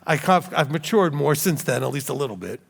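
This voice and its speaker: Animated, high-voiced teaching man, hall reverb. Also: brisk, creaky. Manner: storytelling with laughs and rhetorical questions. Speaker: rabbi teaching a Bible study.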